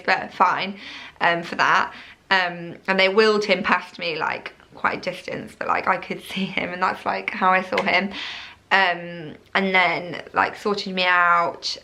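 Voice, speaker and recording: A woman's voice: medium pitch, pushed and bright. A young woman vlogger telling her birth story in casual chat, rambling with lots of "like" and "um". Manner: chatty, rambling, full of "like" and "um".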